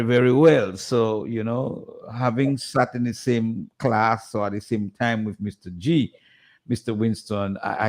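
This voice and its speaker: A lowish-voiced man speaks on a radio tribute show. He stumbles through restarts and fillers as he talks. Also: a little mellow. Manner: halting, many restarts and fillers. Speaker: committee member.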